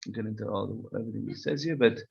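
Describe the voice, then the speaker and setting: A man's voice: lowish voice, very fast, creaky, darkish tone, slightly rough, dull audio. A man teaching a casual text-study class, reading Hebrew passages aloud and explaining them conversationally. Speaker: Torah teacher.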